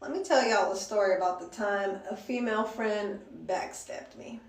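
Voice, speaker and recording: A woman's voice: medium pitch, normal speed. A young woman telling a casual storytime in a laid-back way, laughing between phrases. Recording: roomy, from a distance.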